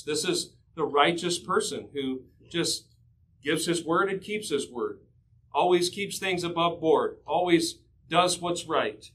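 Earnest male preacher with a high voice. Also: fairly bright tone, slight background noise, low-quality recording. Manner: earnest, emphatic teaching with scripture quotes. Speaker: pastor. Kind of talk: sermon.

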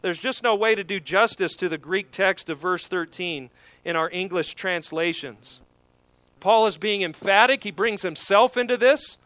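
A man preaching an expository sermon, emphatic, swelling louder on key points. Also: high voice, moderate pace, dry recording. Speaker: pastor.

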